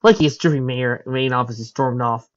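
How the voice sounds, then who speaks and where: A woman reading a fan story aloud, narrating quietly and quickly between the characters' lines. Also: very deep voice. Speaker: fan fiction reader. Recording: dull lo-fi recording.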